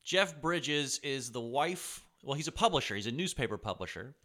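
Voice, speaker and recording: A man's voice: medium pitch, expressive, moderate pace, bright, forceful tone. A man co-hosting a casual film podcast, dryly summarizing the plot. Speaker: podcast co-host.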